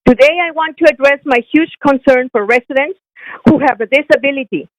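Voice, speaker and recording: A woman's voice: high-pitched, fairly quick, dry recording, rough recording. A middle-aged woman calling in by phone to give an earnest prepared comment at a council meeting, with small restarts as she reads. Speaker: public speaker at council, swim coach. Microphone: phone line.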